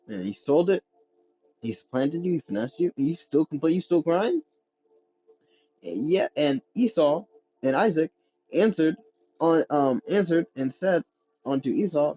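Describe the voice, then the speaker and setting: A man's voice: a little high, lively intonation, normal speed, warm tone, highs cut off, soft background music. A man reading scripture aloud with stumbles and restarts, then breaking into slangy street-style commentary as a preacher. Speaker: scripture teacher.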